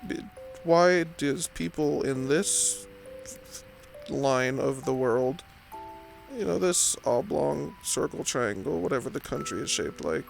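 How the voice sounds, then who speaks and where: A man's voice: medium pitch, creaky. A young man from California with a Californian accent, rambling in meandering late-night pillow talk and filling it with "like" and "um". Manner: meandering, self-deprecating, lots of "like" and "um". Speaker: host.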